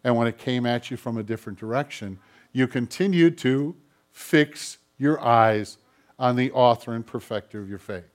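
A male pastor delivers a sermon in a voice of middle pitch. He swings between forceful, raised emphasis and hushed prayer, and he acts out quoted voices as he teaches. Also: normal speed.

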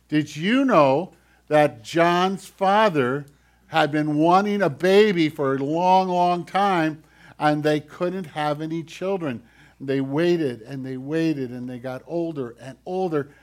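A man giving a children's sermon as pastor, gentle and playful as he talks to the kids. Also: a little high.

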